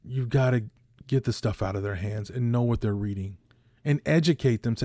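A man's voice: medium pitch, brisk, warm tone, no echo, clean studio sound. A man in his fifties hosting a podcast, delivering a heated opinion monologue that repeats points for emphasis. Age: 50s. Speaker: podcast host.

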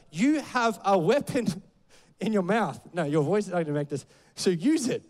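A man's voice: high voice, very animated, moderate pace, darkish tone, in a large hall. A man preaching a sermon in a loose, conversational way, full of fillers and playful asides. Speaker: pastor. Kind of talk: casual sermon.

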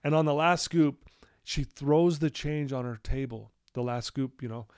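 A man's voice: mid-range voice, normal speed, a little mellow, smooth, no echo, clean studio sound. A man, a recovery counselor, telling a personal story candidly and with feeling, in his office. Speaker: addiction recovery counselor, guest.

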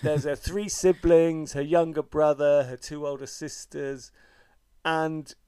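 A man's voice: fairly high pitch, fairly even intonation, slow pace, mellow, clean tone, no room sound. A middle-aged man, a podcast co-host, telling stories in a wry, self-mocking way and swearing freely in casual chat.

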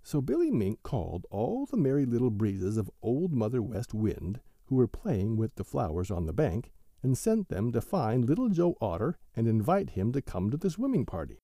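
A man hosting a book podcast and narrating a children's story in a gentle, animated way. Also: mid-range voice, normal speed, no room sound, clean studio sound.

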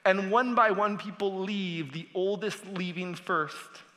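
A man's voice: sits high, fairly even intonation, takes it slowly, pushed and bright, long reverb tail. A man preaching a sermon as pastor, earnest and building to emphatic appeals.

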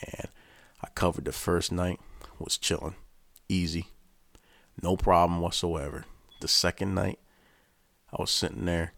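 A man's voice: sits low, level tone, moderate pace, creaky, long pauses, a bit bright, no room sound. A man hosting a podcast, telling a story in a casual, rambling way full of swearing. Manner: profane, rambling. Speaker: podcast host.

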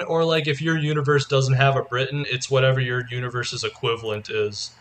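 A male podcast co-host rambling through a casual chat with a bright, forceful tone. He keeps reaching for "like" as he eagerly explains. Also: mid-range voice, flat delivery, fairly quick. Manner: rambling, heavy use of filler "like", eager explaining.

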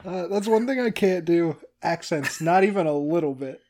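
A man's voice: on the high side, moderate pace, darkish tone. A man co-hosting a casual podcast, easygoing, hedging and laughing often. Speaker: podcast co-host.

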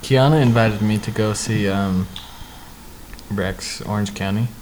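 A man's voice: on the low side, unhurried, a little mellow, a little hiss or hum. A young man co-hosting a casual podcast, mostly chiming in with short, laid-back reactions. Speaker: podcast co-host.

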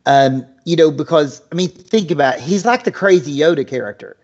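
A man with a slightly high voice talks things through on a podcast, thoughtful and rambling. The audio has a muffled, lo-fi sound. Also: expressive, brisk, a little mellow. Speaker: podcast co-host. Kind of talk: casual chat. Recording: dull lo-fi recording.

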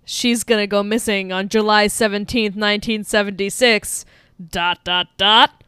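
A woman's voice: mid-range voice, fairly even intonation, normal speed, pushed and bright, smooth, dry recording, clean studio sound. A woman co-hosting a podcast, recapping a film in casual, profane chat and acting out the characters' lines in a sardonic tone. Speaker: podcast co-host.

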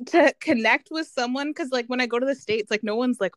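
A podcast co-host in her thirties, raised in Canada, chats casually in a high, fairly quick voice with no echo. Her storytelling is animated, full of acted-out quoted voices and frequent laughs.

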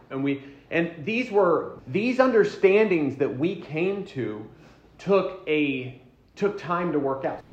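A man's voice: on the high side, animated, takes it slowly. A man leads a church marriage class, speaking in an easy, conversational way to a group in the room. He repeats and restarts his words and asks the listeners questions. The recording is roomy and slightly dull, with a lo-fi sound.

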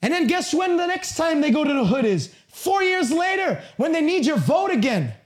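A man preaching a sermon with passion and emphasis, sometimes rising to a shout. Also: very high-pitched, very animated, normal speed.

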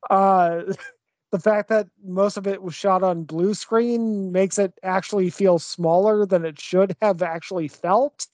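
Woman reviewing a film on a podcast, slow talker, lots of uhs, kinda blunt. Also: mid-range voice, fairly even intonation, darkish tone, dry recording. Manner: hesitant, many fillers, frank and profane. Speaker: podcast co-host. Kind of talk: casual movie review.

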